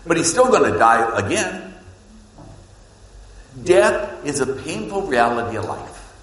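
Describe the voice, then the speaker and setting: A man preaching a sermon as pastor, swinging between loud emphasis and hushed, low lines. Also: big pitch swings, a little slow. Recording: echoey hall with long reverb.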